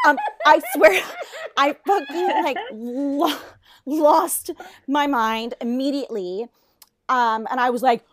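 A woman in her thirties co-hosts a podcast, telling a story in casual chat with lots of animation, free swearing, and frequent laughter. Her voice is high-pitched and her pace a little slow.

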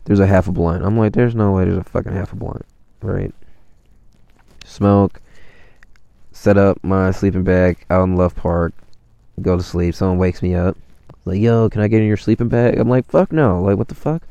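A man's voice: deep voice, fairly even intonation, moderate pace, gravelly, warm tone, no room sound, lo-fi sound. A young man casually telling a rambling, slang-heavy story of his travels, swearing often.

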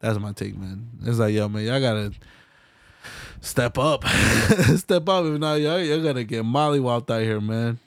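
Profane animated young man ranting. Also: mid-range voice, measured pace, dry recording. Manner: profane, animated, slangy, laughs often. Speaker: podcast host. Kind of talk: casual solo podcast rant.

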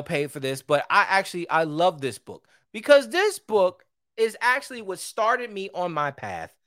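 A man hosting his own podcast, giving heated, opinionated solo commentary that swings between loud outbursts and low asides. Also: clean tone, no echo, studio quality. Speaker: podcast host.

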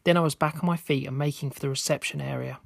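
A man reading a scripted spooky story aloud in a steady, measured way. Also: on the high side, creaky, no echo, clean studio sound. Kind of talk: scripted narration.

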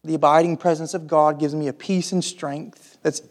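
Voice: medium pitch, steady tone, moderate pace. A pastor giving a sermon, reading scripture aloud and explaining it in an informal, conversational way, with rhetorical questions and frequent fillers.

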